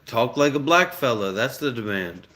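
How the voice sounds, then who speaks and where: A man's voice: mid-range voice, expressive, moderate pace, bright, forceful tone. A man in casual banter with a voice assistant, pushy and crude, repeating his demands and coaxing. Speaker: host.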